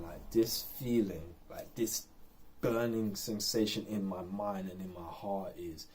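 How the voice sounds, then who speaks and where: A man's voice: low voice, steady tone, a little slow, darkish tone, a little hiss or hum. A man talking candidly and in a rambling way in an unscripted personal vlog. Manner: rambling and candid, lots of fillers. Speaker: vlogger.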